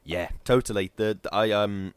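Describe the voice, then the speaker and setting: A man chatting casually on a podcast, rambling and animated as he tells stories in put-on voices. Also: lowish voice, moderate pace, clear, resonant tone, dry recording. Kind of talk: casual chat.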